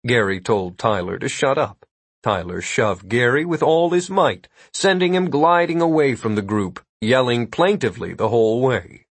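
Male storyteller reading comic fantasy; husky, dry, steady and wry. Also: medium pitch, moderate pace, no room sound. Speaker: narrator. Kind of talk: audiobook narration.

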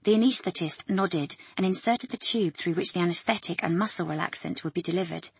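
Woman audiobook narrator, husky and lowish, dry close recording. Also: brisk, dry recording.

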